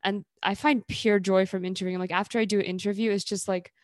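A woman's voice: medium pitch, flat delivery, fast, dry recording, clean studio sound. A woman who hosts her own interview podcast, answering casually with lots of fillers and self-corrections. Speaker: solo podcast host, interview guest.

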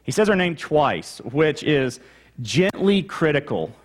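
A man's voice: a little high, very animated, takes it slowly. A male pastor preaching a teaching sermon, explaining the text and repeating key points for emphasis.

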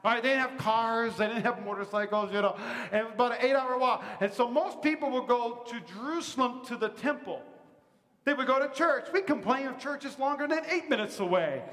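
A man's voice: extremely high pitch, fairly quick, a bit bright, in a large hall. A man preaching a sermon at a church service, talking to the congregation in a conversational way and quizzing them with questions. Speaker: pastor.

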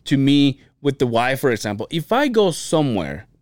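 A man's voice: medium pitch, big pitch swings, moderate pace, no room sound, studio quality. A young man co-hosting a podcast, talking casually, rambling with restarts, cursing and laughing. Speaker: podcast co-host. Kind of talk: casual chat.

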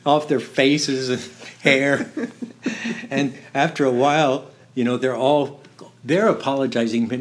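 An older man telling stories in an interview, halting and laughing, dropping to a hush when he quotes someone. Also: mid-range voice, fairly even intonation. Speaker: interview guest. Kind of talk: storytelling in conversation.

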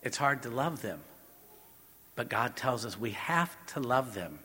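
A man's voice: mid-range voice, big pitch swings, a little slow, sharp tone, slightly rough. A middle-aged male priest giving a sermon, telling a story in a conversational preaching style. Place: church. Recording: long church reverb.

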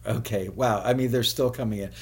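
A man hosting a live web show, chatting casually with viewers, often laughing and spelling things out slowly. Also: on the low side, steady tone, slightly rough.

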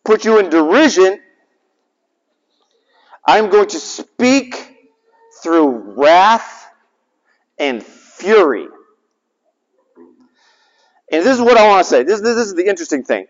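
A man in his forties, a chaplain giving a sermon, telling a story with big swings between loud and soft. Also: high-pitched, very animated, slow pace, long pauses. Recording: dull sound with long hall reverb.

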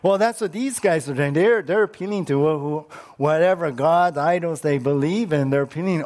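A man's voice: on the high side, normal speed, few pauses, darkish tone. A male pastor preaching a conversational sermon and often posing rhetorical questions to the congregation.

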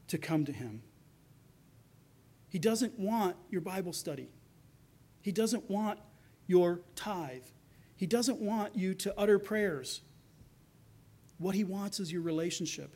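A man preaching a sermon, earnest, acting out quoted voices and dropping soft for tender lines. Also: sits high. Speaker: pastor.

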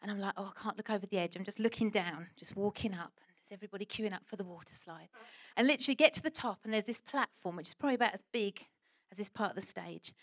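A woman preaching a sermon and telling a lively personal story, acting out what people said. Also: mid-range voice, fast, hardly any pauses, no echo. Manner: animated storytelling, acts out quoted voices.

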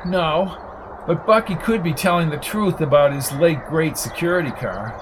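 Man doing calm investigator, even tone, audiobook. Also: fairly high pitch, normal speed, background noise, natural voice.

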